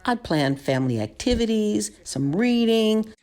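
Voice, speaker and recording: A woman speaking plainly and calmly about her own experience, narrating and talking things over candidly. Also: mid-range voice. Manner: measured and plain-spoken, clears her throat often. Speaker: vlogger sharing her illness journey. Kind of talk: personal narration and candid conversation.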